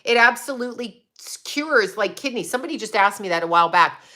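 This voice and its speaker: A woman's voice: a little high, expressive, quick pace, bright, forceful tone. A woman hosting a casual livestream, answering viewers in a rambling, blunt and profane way. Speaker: psychic medium livestream host.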